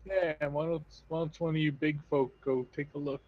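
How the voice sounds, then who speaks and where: A man playing his character in a casual tabletop game, relaxed and hesitant. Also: a little high, normal speed. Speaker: player. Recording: dull lo-fi sound.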